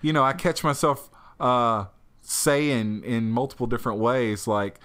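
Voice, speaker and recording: A man's voice: medium pitch, measured pace, fairly bright tone. A man co-hosting a tabletop gaming podcast, talking in a rambling, hesitant way with lots of fillers and frequent laughs. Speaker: podcast co-host. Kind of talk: casual chat.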